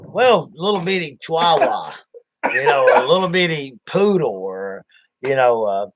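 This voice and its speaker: A man's voice: a little high, sing-song, a little slow, background noise. A man, hosting a livestream and telling rambling, folksy stories, acting out the voices. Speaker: livestream host. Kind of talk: casual storytelling chat.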